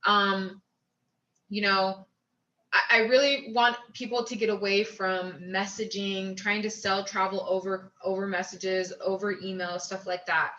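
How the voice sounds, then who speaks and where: A woman coaching fellow travel agents in a casual, chatty way, upbeat and quick to act out little dialogues with clients. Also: mid-range voice, level tone, pushed and bright. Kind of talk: casual advice talk. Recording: roomy, slightly dull sound.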